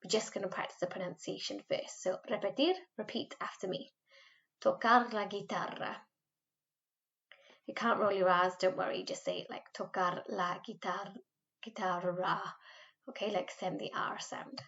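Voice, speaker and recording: A woman's voice: mid-range voice, steady tone, creaky, fairly bright tone, dull audio. Patient Welsh woman teaching Spanish. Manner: patient, modelling words slowly for repetition. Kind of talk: recorded remote language lesson.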